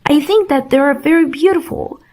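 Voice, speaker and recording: A woman's voice: sits high, a little fast, a little mellow, pitched above the performer's own voice, lightly acted. A woman voicing a proud little flower. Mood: pleading. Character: proud delicate female flower, touchy.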